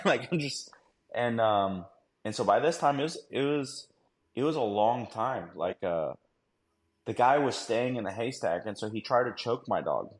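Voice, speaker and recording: A man's voice: on the low side, expressive, moderate pace. A man, a former army dog handler, telling a war story on a podcast in a casual, slangy way full of fillers and "right?". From United States.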